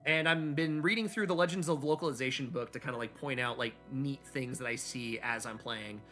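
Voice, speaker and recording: A man streaming a video game, chatting casually and excitably with his viewers and joking around. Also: mid-range voice, brisk, soft background music. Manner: excitable and jokey, reading chat aloud. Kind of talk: casual live-stream chat while gaming.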